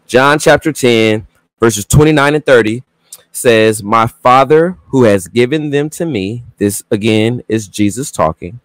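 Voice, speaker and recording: A man moderating a debate, announcing the passages and giving each side the floor in a measured way. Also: mid-range voice, no echo.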